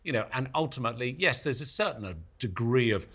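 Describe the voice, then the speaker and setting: A man speaking as a panel guest, halting with hesitant restarts. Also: mid-range voice, expressive, fairly bright tone. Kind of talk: opinionated panel talk.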